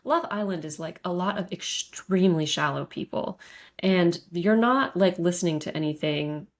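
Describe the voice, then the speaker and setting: A woman's voice: on the low side, moderate pace. A woman co-hosting a podcast, talking in a casual, thoughtful way with many fillers. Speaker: podcast co-host. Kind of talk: casual chat.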